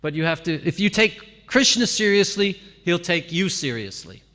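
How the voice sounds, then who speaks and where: A man with a fairly high, bright, forceful voice delivers an animated devotional talk to a gathering. He speaks with lively exclamations and easy laughter. His words ring out with a long reverb in a temple hall. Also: moderate pace.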